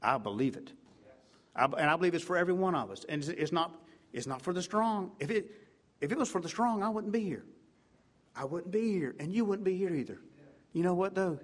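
Fervent preacher man, fairly high voice. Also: expressive, a little fast. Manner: fervent, repetitive preaching with "I tell you what" asides; swings between loud emphatic peaks and low hushed passages. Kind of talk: sermon.

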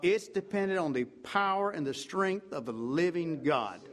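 Fervent preacher man, fairly high voice. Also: lively intonation, normal speed. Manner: fervent, repetitive preaching with "I tell you what" asides; swings between loud emphatic peaks and low hushed passages. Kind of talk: sermon.

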